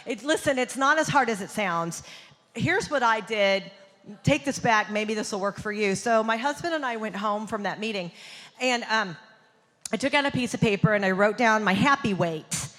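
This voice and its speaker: A woman's voice: a little high, expressive, normal speed, pushed and bright. A woman doing a stand-up comedy set, chatty and punchy with the crowd. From Southern United States. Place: theater stage. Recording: long reverb of a performance hall.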